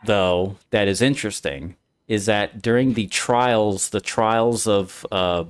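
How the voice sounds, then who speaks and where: A man hosting a casual game discussion, explaining the story in an animated way and acting out the characters. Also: lowish voice, takes it slowly, clean tone. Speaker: streamer and host.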